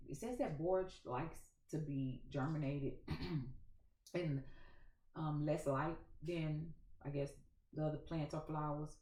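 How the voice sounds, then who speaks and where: A woman, Louisiana accent, gravelly, folksy y'all chat, scratchy throat, echoey room. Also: sits low, dark tone. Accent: Louisiana Southern. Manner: chatty, folksy, addresses viewers as y'all. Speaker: gardening channel host. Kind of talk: casual chat to camera.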